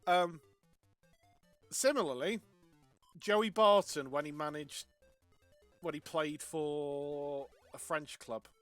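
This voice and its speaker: Rambling man, slightly high voice. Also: slow pace, long pauses, fairly bright tone, dry recording, faint music behind. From Wales. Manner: rambling, laughing, many restarts. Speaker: streamer. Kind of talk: casual chat while playing a game.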